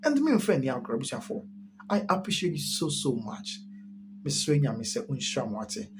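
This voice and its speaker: With big pitch swings at a moderate pace, a Ghanaian-accented host reads viewer comments on a live stream. The chat is casual and full of laughter, blending Twi with English, and the medium-pitched voice comes with background noise.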